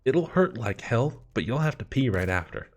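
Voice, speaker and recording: A man voicing an uncle who leans in to give hushed, serious man-to-man advice. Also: very animated, normal speed. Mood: confiding. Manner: hushed, low, confiding.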